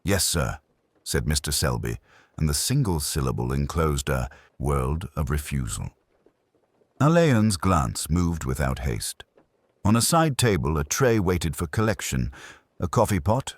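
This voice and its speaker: A man narrating a classic detective mystery in a measured, expressive reading. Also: a bass voice, dry recording. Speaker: audiobook narrator.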